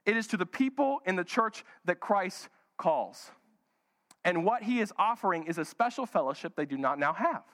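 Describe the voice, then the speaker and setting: High-voiced pastor preaching in a reverberant hall. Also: male voice, animated, moderate pace, a bit bright. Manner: playful, acts out Bible characters in put-on voices. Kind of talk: sermon. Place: church hall.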